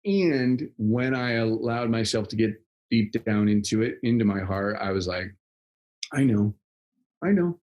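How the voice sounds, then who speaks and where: A man's voice: on the low side, normal speed, hardly any pauses, lo-fi sound. A young man chatting casually as a podcast guest, rambling with lots of fillers and frequent laughs. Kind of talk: casual conversation.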